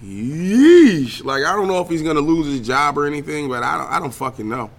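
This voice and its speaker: A man's voice: fairly high pitch, fast talker, gravelly. A young man hosting his own podcast, ranting casually and profanely about video games and the news, with lots of fillers. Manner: profane, animated, trailing filler words. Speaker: podcast host and streamer. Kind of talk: casual solo podcast rant.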